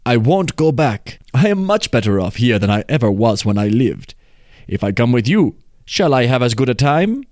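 A man's voice: medium pitch, sing-song, normal speed, a little mellow, no echo, clean studio sound, natural voice. A man voicing stubborn contented younger brother.

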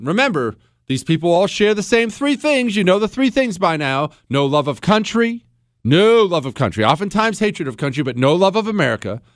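A man's voice: on the high side, no room sound. A man hosting a talk radio show, delivering a sarcastic, opinionated monologue into a studio mic. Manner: sarcastic, mocking, acts out quoted voices.

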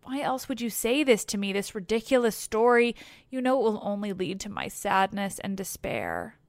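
A woman's voice: medium pitch, very animated, normal speed, no echo, studio quality. A woman voicing a grieving, distrustful queen who answers with weary, scolding disbelief.

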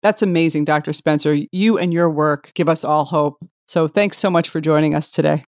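A woman's voice: low-pitched, steady tone, normal speed, darkish tone, no room sound, clean studio sound. Polished woman interview host. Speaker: podcast host. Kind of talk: scripted interview questions.

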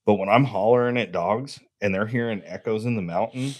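A man's voice: fairly low pitch, a little fast. A man hosting a casual chat, talking things through with self-deprecating asides.

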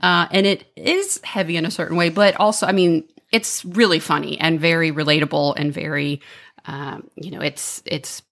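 Young woman, podcast co-host, casual and rambling, voice on the low side. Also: steady tone, moderate pace, gravelly, fairly bright tone. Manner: chatty, acts out quoted lines with raised pitch.

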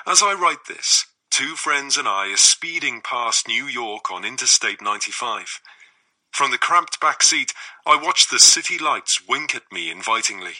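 A man with an English accent reading an audiobook in a slow, breathy, suggestive way. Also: mid-range voice, pushed and bright, rough recording. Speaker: audiobook narrator. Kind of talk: scripted audiobook narration.

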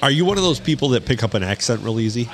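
A man co-hosting a podcast, telling stories in a relaxed way with dry, teasing humor. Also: mid-range voice, very fast. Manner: easygoing, tells anecdotes, dry teasing. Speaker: podcast co-host. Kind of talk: casual storytelling chat.

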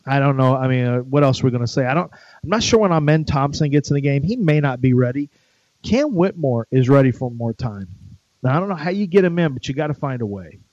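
Middle-aged radio guy riffing on sports, mid pitch, dry slightly dull sound. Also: expressive, fast, a little mellow, no echo. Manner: rambling, chatty, jokey. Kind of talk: casual sports talk.

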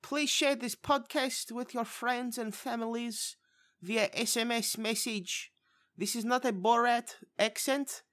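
A man voicing a high-pitched Bulgarian man with a lisp who speaks in stiff, halting English. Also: fairly even intonation, fairly bright tone. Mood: cheeky. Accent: put-on Bulgarian. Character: squeaky-voiced Bulgarian man with a lisp, kept in a basement.

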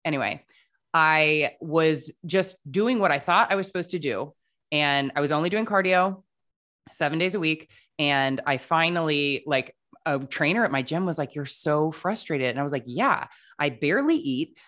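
A woman's voice: low voice, normal speed, fairly bright tone. A woman guest on a podcast, chatting casually and telling her own story, filling her speech with "like" and acting out quoted dialogue. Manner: chatty, frequent "like" fillers, acts out quoted dialogue.

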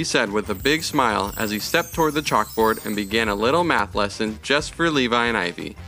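A man reading a children's storybook aloud in a gentle, even manner. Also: lowish voice, brisk, hardly any pauses, faint music behind.

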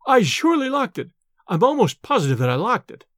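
A flustered, stammering young student, put on by a man narrating a storybook, his voice pitched high and jumpy. He trips over his words, and the recording is dry and close. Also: sing-song, a bit bright, no echo, full character voice. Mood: panicked. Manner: stammering, hurried, evasive. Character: nervous young male student, evasive and flustered.

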